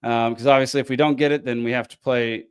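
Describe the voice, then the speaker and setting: A man's voice: medium pitch, steady tone, quick pace, clear, resonant tone. A tired man, hosting a casual podcast and recapping a frustrating match with lots of ums and restarts. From American South. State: tired, yawning. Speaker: podcast host.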